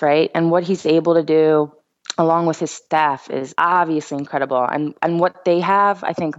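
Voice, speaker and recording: A woman with a low voice talks through her points on a podcast, pressing them with frequent "I mean" and "you know". Her voice sits close and dry, and the recording sounds dull and lo-fi. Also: dry recording. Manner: emphatic, many "I mean" and "you know" fillers. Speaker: guest, basketball player and commentator. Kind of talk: casual podcast chat.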